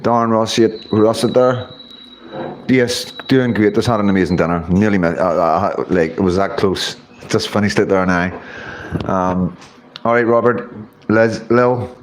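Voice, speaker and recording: A man with a somewhat low voice runs a casual livestream chat. He works through his viewers one at a time, greeting each by name in easy, informal local speech. A faint background hiss sits under his voice. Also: fairly even intonation, moderate pace. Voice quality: informal, uses local words. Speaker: livestream host.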